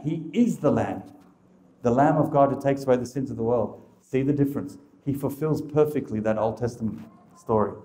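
A man's voice: mid-range voice, dark tone, reverberant. A man giving a religious teaching talk as a Catholic speaker, emphatic and full of rhetorical questions.

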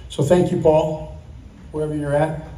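A man's voice: on the high side, flat delivery, normal speed, recorded from a distance, noisy background. A man in his sixties giving a casual retirement thank-you speech, rambling through anecdotes and chuckling often. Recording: echoey room, mic from afar.

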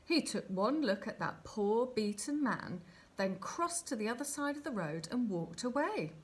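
A woman reading a Bible story aloud for children in an expressive, animated storytelling manner. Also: fairly high pitch, a little slow.

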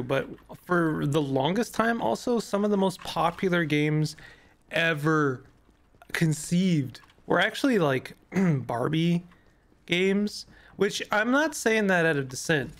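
A young man giving casual, rambling commentary while playing a game, with a voice that is going hoarse. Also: fairly high pitch, lively intonation, takes it slowly, a bit bright. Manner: rambling, many fillers and restarts. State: losing his voice. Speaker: gaming YouTuber.

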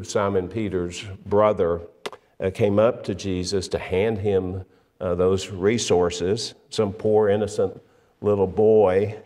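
A man delivers a sermon at an unhurried, deliberate pace, his voice sitting a little low. He leans on key words for emphasis and often backs up to restart a phrase. The sound carries the long reverb of a church hall. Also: a little mellow. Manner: measured, emphatic, with frequent fillers and restarts. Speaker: preacher. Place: church sanctuary.

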